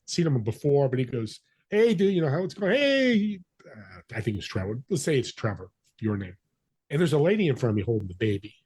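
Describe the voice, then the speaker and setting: A husky-voiced man tells a story as a podcast guest, switching into the voices of the people he quotes. His pitch sits in an ordinary middle range. The sound is dry and close, with no room around it. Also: darkish tone, no echo. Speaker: podcast guest, business connector. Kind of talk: storytelling interview talk.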